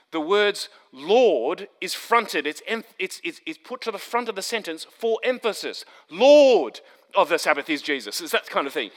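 High bright-voiced man preaching in a hall. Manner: emphatic, builds to stressed points then drops low. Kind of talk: expository sermon. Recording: long hall reverb.

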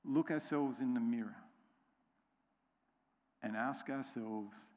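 A man with an American accent preaching a sermon to his congregation, slow and emphatic, repeating key phrases and putting questions to the room. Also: mid-range voice, a little mellow. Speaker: pastor. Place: church sanctuary. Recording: long church hall reverb.

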